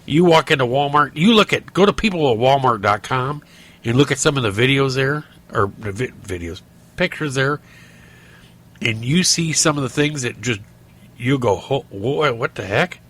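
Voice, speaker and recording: A man's voice: mid-range voice, expressive, moderate pace, a bit bright. A middle-aged man hosting a podcast, telling rambling stories and ranting with lots of restarts and fillers. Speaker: podcast host. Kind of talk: casual monologue.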